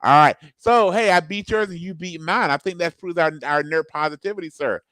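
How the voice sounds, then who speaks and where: A man's voice: fairly high pitch, a little fast, fairly bright tone, no room sound, poor audio. A man co-hosting a casual podcast, who thinks aloud with restarts and upbeat asides. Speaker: co-host.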